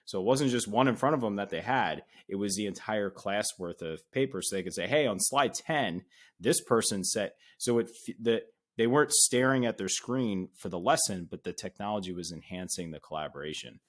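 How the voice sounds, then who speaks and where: Low-voiced man explaining classroom practice. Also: animated, moderate pace. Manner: explanatory, with small restarts. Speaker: education podcast guest. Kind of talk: casual podcast conversation.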